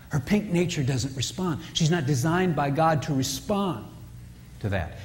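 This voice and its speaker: A man with a high-pitched voice gives a playful seminar talk and brings his stories to life. His voice carries a long reverberant tail through a large hall. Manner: animated storytelling, acting out characters. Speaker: retreat speaker. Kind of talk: humorous marriage seminar talk.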